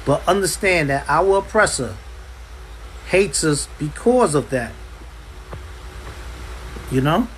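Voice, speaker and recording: A man with a somewhat high voice preaches to his Bible class, forceful and insistent. He drives each point home by repeating it, with a faint hum of air conditioning behind him. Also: animated, slow, long pauses, rough recording. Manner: forceful, repeats "understand" for emphasis. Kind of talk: impassioned preaching. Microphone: livestream.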